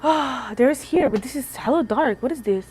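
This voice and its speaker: Young female streamer, slightly high voice, lively storyteller, casual chat into a phone. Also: moderate pace, a little hiss or hum. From Belgium. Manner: animated, lively storyteller with big jumps for quoted voices. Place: indoors at home. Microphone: phone on a gimbal.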